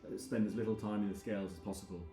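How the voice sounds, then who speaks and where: A man voicing a formal, well-spoken male scholar with a Scottish accent, in a measured, long-winded way. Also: on the low side, steady tone, warm tone, lightly acted. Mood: cautionary. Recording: roomy sound with background music.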